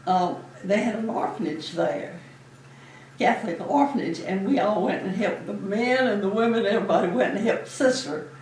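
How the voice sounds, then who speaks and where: This former Navy nurse, now in her eighties, has a medium-pitched voice and a moderate pace, recorded on a distant mic in an echoey room with slight background noise. Reminiscing in an interview, she's chatty and warm and laughs often.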